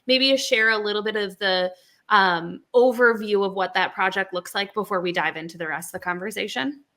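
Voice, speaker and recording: A woman hosting an interview podcast, speaking in an enthusiastic, excitable way as she introduces her guest. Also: mid-range voice, brisk. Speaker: podcast host. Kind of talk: conversational interview.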